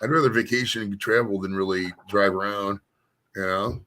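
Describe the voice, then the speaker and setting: A man's voice: on the low side, fairly even intonation, moderate pace, bright, forceful tone. An American man chatting casually on a stream, rambling and swearing freely as he tells stories. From United States. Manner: profane, rambling, emphatic. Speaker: painting stream host. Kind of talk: casual chat.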